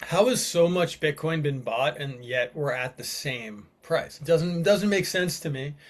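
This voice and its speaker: Playful, slightly high-voiced man chatting. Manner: laughs often, playful, reads aloud from a screen. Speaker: podcast co-host. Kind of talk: casual chat.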